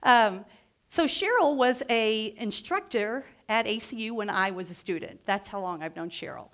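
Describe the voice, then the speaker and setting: A middle-aged woman and agency founder telling a personal story to students in an animated, lively way, often laughing. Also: mid-range voice, normal speed. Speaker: guest speaker, agency founder and executive. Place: lecture event before a student audience.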